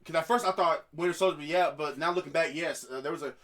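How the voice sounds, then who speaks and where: Excitable man with a high voice. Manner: animated, slangy reactions with quick laughs. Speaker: podcast co-host. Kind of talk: casual recap chat.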